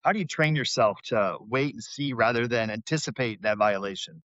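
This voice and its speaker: Male podcast host, measured questions, dull lo-fi audio, dry. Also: medium pitch, fairly bright tone, no echo. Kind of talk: interview questions, show intro. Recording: slightly dull lo-fi sound.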